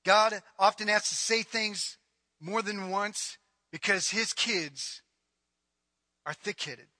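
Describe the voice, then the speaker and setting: A man's voice: high-pitched, takes it slowly, sharp tone, no room sound. A middle-aged man preaching a sermon as pastor, emphatic and conversational, building points by repetition.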